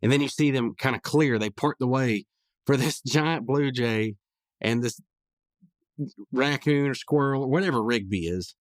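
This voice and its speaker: A male podcast host recaps a cartoon episode in a casual, rambling way, full of restarts and fillers. His mid-range voice moves at normal speed with no room sound.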